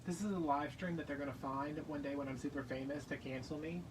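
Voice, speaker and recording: A man's voice: on the high side, steady tone, fast, far from the mic, background noise. A man chatting casually on a live stream, telling jokey, playful stories while he crafts.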